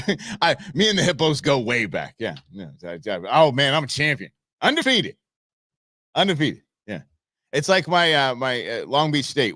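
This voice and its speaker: A man hosting a show, giving playful, animated commentary over viral videos and talking back at the footage. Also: medium pitch, no echo, clean studio sound. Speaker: show host.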